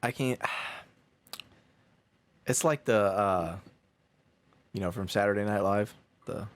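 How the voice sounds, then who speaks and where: A man's voice: lowish voice, slow pace. A young man co-hosting a casual podcast chat, rambling and hesitant. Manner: rambling, hesitant, self-deprecating. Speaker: podcast co-host.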